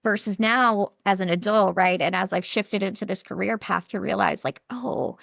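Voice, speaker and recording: A woman's voice: mid-range voice, normal speed, gravelly, a bit bright, dry recording, clean studio sound. A woman talking as a guest coach in a casual podcast interview, chatty and full of filler words. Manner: chatty, many "like" and "right" fillers.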